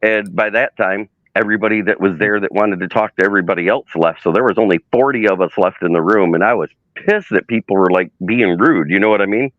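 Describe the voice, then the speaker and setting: A man's voice: fairly low pitch, fast talker, hardly any pauses, no echo. Man telling stories, dull dry sound. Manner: animated storyteller, acts out quotes. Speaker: sports media intern and livestream guest. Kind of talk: casual livestream storytelling.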